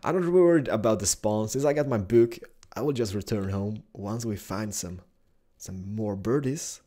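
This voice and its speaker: A young man giving excitable Let's Play commentary, exclaiming and chatting to the animals he finds. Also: on the low side, moderate pace. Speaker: gaming YouTuber.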